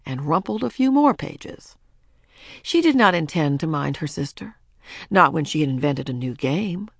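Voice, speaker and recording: A woman narrating a children's storybook in a lively, expressive way. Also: sits low, normal speed, vocal fry, no echo, clean studio sound. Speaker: audiobook narrator.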